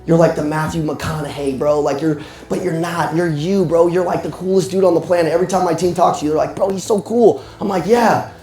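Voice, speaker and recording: A young man with a high, mellow voice works a live room, giving an animated, playful sales pep talk. He speaks in a roomy, echoing hall, with faint music running underneath. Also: fast, hardly any pauses. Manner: animated, playful, addresses the crowd directly.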